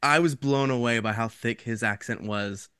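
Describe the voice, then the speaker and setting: A man co-hosting a podcast in a smooth, resonant voice. He rambles in an easygoing way and laughs often. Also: medium pitch, moderate pace, a bit bright, no echo, clean studio sound. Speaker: podcast co-host. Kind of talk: casual podcast chat.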